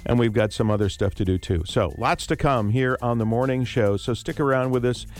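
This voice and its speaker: A middle-aged man hosting a public radio talk show, speaking conversationally with careful, clear diction. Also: mid-range voice, a little fast.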